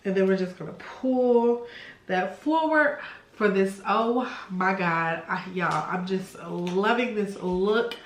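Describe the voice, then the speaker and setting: A woman's voice: medium pitch, takes it slowly, reverberant. A young woman chatting through a hair tutorial, gushing and chatty, saying y'all a lot. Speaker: beauty vlogger. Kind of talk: casual hair tutorial chat.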